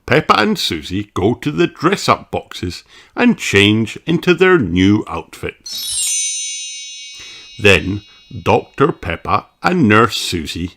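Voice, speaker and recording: Slow, very expressive storybook reader. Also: medium pitch. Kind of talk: children's book read aloud.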